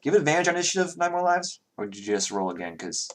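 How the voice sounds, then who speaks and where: A man running a tabletop game online as game master, relaxed and trailing off softly at times. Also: on the high side, fast.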